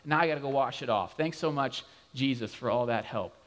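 A man's voice: medium pitch, a little fast, a bit bright, voice pushed down, natural voice. A male preacher voicing a formerly blind man with wry, exasperated humor, in a reverberant hall. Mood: sarcastic grumbling. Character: formerly blind adult man, sarcastic and eager.

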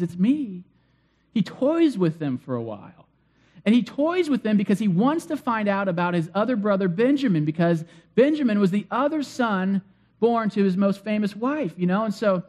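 A man's voice: high-pitched, a little mellow. A man preaching a sermon and retelling a story in a conversational way, acting out the figures' lines. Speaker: pastor.

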